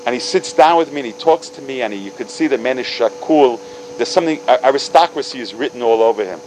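Animated storytelling man in his fifties. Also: quick pace, slight background noise, low-quality recording. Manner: animated, acting out dialogue with big pitch jumps; sprinkles Hebrew and Yiddish terms. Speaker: speaker telling stories to a religious audience. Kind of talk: storytelling talk.

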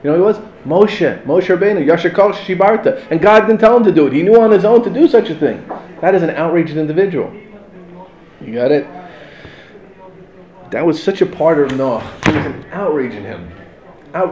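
A man giving an impassioned yeshiva talk, full of rhetorical questions and Hebrew and Yiddish terms, building from calm explanation to near shouting. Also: on the high side, roomy sound, muffled recording. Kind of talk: sermon.

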